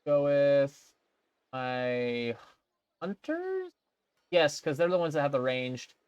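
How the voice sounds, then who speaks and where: A man's voice: medium pitch, very animated, takes it slowly, smooth, dry recording, highs cut off. A man giving casual, sarcastic commentary while playing a game, swearing freely. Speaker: let's play host.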